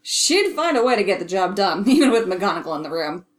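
A woman's voice: medium pitch, big pitch swings, normal speed, lightly acted. A woman voicing a cheeky, sly teenage schoolboy wizard in an amateur audio drama, chiming in with teasing remarks.

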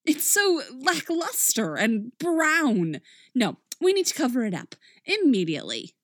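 A woman's voice: high-pitched, big pitch swings, measured pace, dry recording, studio quality, pitched above the performer's own voice, exaggerated voice. A woman reading a story aloud, voicing a haughty, vain female pig diva with a snooty, dismissive manner. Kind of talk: audiobook-style story reading.

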